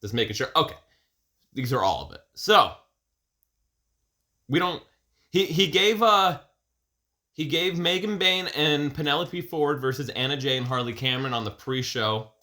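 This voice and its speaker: A man's voice: fairly high pitch, moderate pace, pauses often, bright, forceful tone. A man hosting a podcast in casual chat, rambling and profane, often restarting his sentences. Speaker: podcast host.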